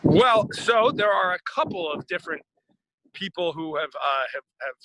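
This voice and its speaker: An American actor chatting casually in an interview, rambling with lots of fillers and restarts. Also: male voice, high voice, expressive, normal speed, bright, forceful tone, dry recording, rough recording. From United States.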